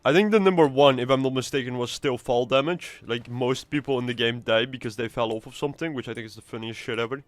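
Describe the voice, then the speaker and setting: A man's voice: medium pitch, fast talker, hardly any pauses, no echo. A man giving casual, rambling gameplay commentary, swearing now and then. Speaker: gamer.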